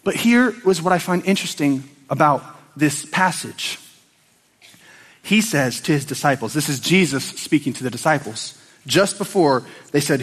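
Male preacher, animated sermon delivery, higher voice, church hall reverb. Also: moderate pace, husky. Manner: animated, acts out scenes with voices.

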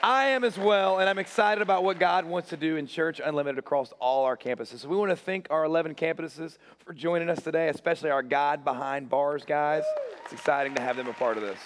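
Young male youth pastor, hoarse and nearly voiceless, upbeat and self-mocking, slightly high voice, reverberant church hall. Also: brisk, background noise. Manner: energetic, self-deprecating, repeats words. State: hoarse, losing his voice. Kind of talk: church announcements and prayer. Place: large church auditorium.

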